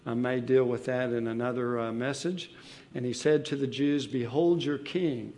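A man preaching an expository sermon, slow and deliberate, pausing with fillers and restarting his phrases as he explains a Bible passage. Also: medium pitch, fairly even intonation, a little mellow.

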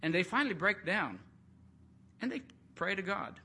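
A man delivers a sermon with a bright, slightly raised voice. He tells the story in a relaxed, conversational way and slips into acted-out quotes. Faint background noise runs under the recording. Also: high voice, normal speed. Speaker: preacher.

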